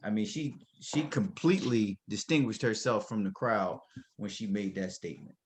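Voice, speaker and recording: A man's voice: fairly low pitch, expressive, moderate pace, a little hiss or hum. Dude on a panel chat, earnest, gets emphatic making his point. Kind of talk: casual panel discussion.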